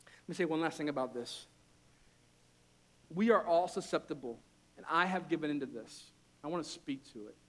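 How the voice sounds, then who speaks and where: High-voiced man preaching a sermon. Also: moderate pace, long pauses. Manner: animated preaching, builds to loud impassioned peaks. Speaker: pastor.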